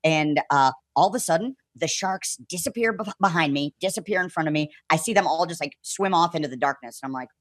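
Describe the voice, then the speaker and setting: A man telling a story as a podcast guest in a casual, animated way, filling his speech with "like" and acting out what people said. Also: a little high, fast, hardly any pauses, dry recording. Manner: animated, full of "like" and acted-out quotes.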